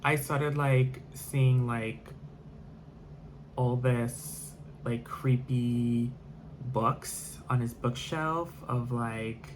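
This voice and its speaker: A man's voice: mid-range voice, steady tone, very slow, slight background noise. A man telling a personal story in a casual monologue, rambling with lots of fillers and restarts.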